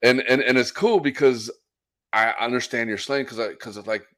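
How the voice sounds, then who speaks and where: A man's voice: mid-range voice, fairly even intonation, moderate pace, fairly bright tone, slight background noise. An American man hosting a casual podcast interview, laughing easily and restarting his sentences as he talks. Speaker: podcast host.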